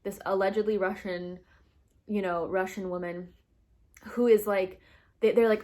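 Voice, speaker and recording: A woman's voice: medium pitch, steady tone, unhurried, long pauses, dark tone. A young woman vlogging about books, ranting casually with lots of fillers and short wry laughs. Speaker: book vlogger. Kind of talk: casual opinion rant.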